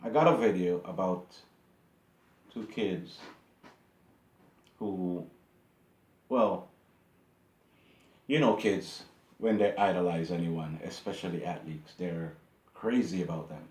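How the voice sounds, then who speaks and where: A lowish-voiced man delivers a casual commentary monologue to his channel viewers. He circles back and repeats himself as he works up his indignation. The room around him rings with echo. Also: slow pace, long pauses, darkish tone. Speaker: YouTube channel host.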